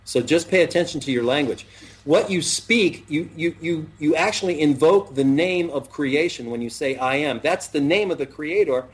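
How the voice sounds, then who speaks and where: Middle-aged male self-help host, husky, preachy, drags out key phrases for emphasis. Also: a little high, moderate pace. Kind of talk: motivational talk-show chat.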